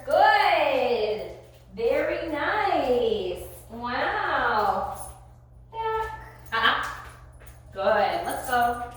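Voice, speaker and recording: A woman with a slightly high, fairly bright voice trains her leashed dog, giving live commentary. She alternates quick praise like "good boy" with explanations for viewers. The recording is very echoey, with faint noise underneath.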